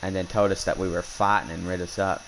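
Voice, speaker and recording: A man's voice: deep voice, level tone, fast talker, vocal fry, slight background noise, low-quality recording. A young man outdoors on a hunt, casually telling an indignant, rambling story with lots of restarts. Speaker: hunting vlogger. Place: outdoors while hunting.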